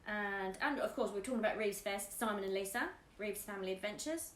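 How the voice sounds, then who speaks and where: A woman's voice: fast talker, fairly bright tone, reverberant, slight background noise. A woman, a YouTube vlogger, chatting casually and giggling as she answers tag questions with her partner. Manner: chatty and giggly, drifting up and down in pitch.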